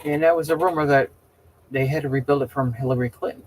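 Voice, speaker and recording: A man's voice: fairly high pitch, fairly even intonation, fast, slight background noise, low-quality recording. Rambling opinionated middle-aged man. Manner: rambling and opinionated, with frequent restarts and stammers. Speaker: host chatting with viewers. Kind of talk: casual rambling chat.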